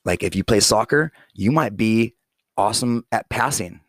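A man's voice: on the low side, animated, moderate pace, no echo, studio quality. A man in his forties talking to his young daughter in a casual, heartfelt monologue, blunt and profane, rambling with many fillers. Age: 40s. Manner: blunt and profane, plain-spoken.

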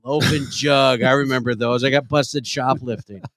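A man's voice: mid-range voice, steady tone, normal speed, fairly bright tone, dry recording, studio quality. A man co-hosting a crude, casual comedy talk show, joking and laughing often. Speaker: co-host.

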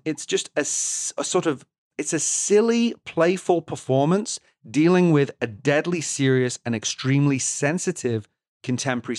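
A man's voice: a little high, no room sound, studio quality. A man co-hosting a film podcast, talking analytically with frequent restarts and fillers. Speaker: podcast co-host. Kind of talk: casual film-review chat.

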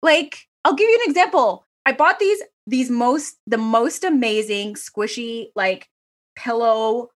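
Chatty, animated woman podcast host. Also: fairly high pitch, a little slow. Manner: animated, rambling storyteller with laughs. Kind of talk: casual chat.

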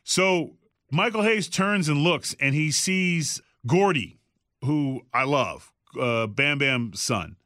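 A middle-aged man spins a story in casual talk, lively and full of acted-out voices and curses. His tone is bright and forceful. The sound is close and dry. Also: on the high side, slow, no echo. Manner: animated, acts out voices in quotes, swears freely. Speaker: guest telling a backstage story.

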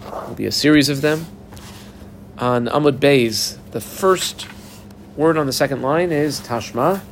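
A man's voice: mid-range voice, a little hiss or hum. A man teaching a Talmud passage, methodically reading Aramaic phrases, translating them and telling learners how to mark up the text. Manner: methodical, guides text markings step by step. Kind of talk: text study lesson.

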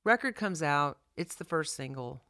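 Animated low-voiced woman telling a story. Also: no echo, studio quality. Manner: animated storyteller, quick to act out the people she quotes. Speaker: songwriter, podcast guest. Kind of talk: storytelling in a conversational interview.

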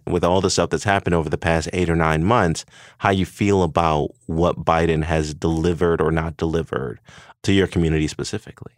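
A male podcast reporter asking questions in a thoughtful, measured way, with small hesitations. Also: low voice, no room sound, studio quality. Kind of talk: interview questions.

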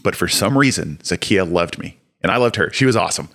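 Low-voiced man telling a story. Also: fast, creaky. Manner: animated storyteller, acts out his own shouting. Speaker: podcast co-host. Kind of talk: casual storytelling.

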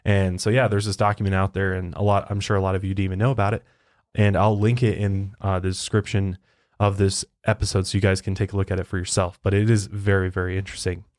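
A man's voice: deep voice, level tone, fast, a little mellow. A man co-hosting a podcast, talking in a loose, rambling way and swearing casually. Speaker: podcast co-host.

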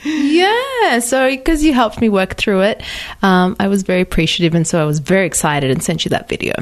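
A woman's voice: mid-range voice, lively intonation, fairly quick. A woman co-hosting a podcast, talking casually with a friend and full of fillers. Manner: chatty, lots of fillers. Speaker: podcast co-host. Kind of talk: casual chat.

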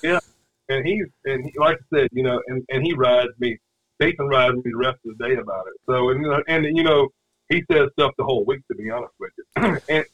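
A man's voice: medium pitch, fairly quick, a bit bright. Rambling man with a dull, lo-fi sound. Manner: rambling, many fillers and restarts. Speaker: guest. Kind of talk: casual storytelling.

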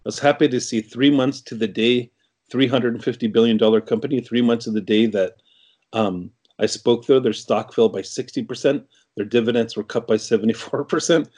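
A man's voice: mid-range voice, steady tone, brisk, a little mellow, slightly rough. A middle-aged man from Canada, an interview guest, telling a story casually with many restarts and fillers.

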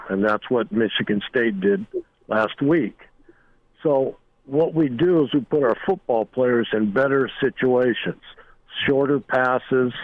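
A man's voice: medium pitch, no echo. A man calling in to a sports radio show and giving his opinion bluntly and insistently. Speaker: radio caller. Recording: phone line.

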